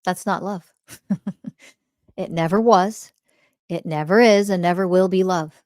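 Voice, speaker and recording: A woman's voice: lowish voice, unhurried, darkish tone, no room sound, clean studio sound. A woman podcast host teaching spirituality in a blunt monologue, swearing often and firing rhetorical questions, repeating key phrases for emphasis.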